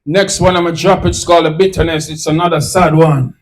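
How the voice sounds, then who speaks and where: High-voiced Jamaican spoken word poet. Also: male voice, fairly even intonation, a little fast, far from the mic, slight background noise, poor audio. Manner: rhythmic, dramatic recitation with rhymes. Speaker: performance poet. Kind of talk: spoken word poetry performance. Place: live event at a swap meet.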